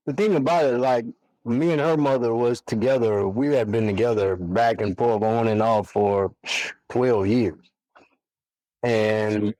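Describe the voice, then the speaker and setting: A man in his forties tells a story in a loose, conversational way, voicing the people in it as he goes. His pitch sits in an ordinary middle range, and the sound is close and dry, with almost no room around it. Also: dry recording, poor audio. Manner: relaxed, animated storytelling with quoted dialogue. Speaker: podcast guest, single father.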